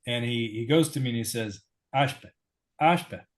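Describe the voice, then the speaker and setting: A man's voice: mid-range voice, fairly quick. An American man from the United States, a guest in a sit-down interview, telling a personal story in an easygoing, self-deprecating way.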